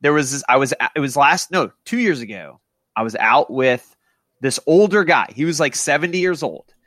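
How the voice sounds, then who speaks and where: Bright-voiced man telling a story. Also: medium pitch, animated, moderate pace, no room sound, studio quality. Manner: laughing storyteller, leads the segments. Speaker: podcast co-host. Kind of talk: casual chat.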